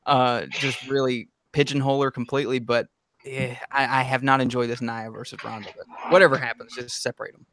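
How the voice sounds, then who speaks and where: A man co-hosting a casual podcast chat, animated and full of hesitant restarts. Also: medium pitch, fairly quick, a little hiss or hum. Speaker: podcast co-host.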